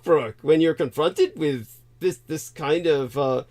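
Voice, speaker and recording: A man hosting a casual livestream chat, halting and rambling, with many fillers and bursts of laughter. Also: a little high, a little mellow. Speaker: livestream host.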